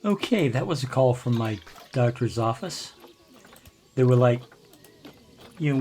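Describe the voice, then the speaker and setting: A man's voice: mid-range voice, animated, normal speed, pauses often, darkish tone. An older man, rambling through casual gameplay commentary with grumbling asides. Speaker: let's play host.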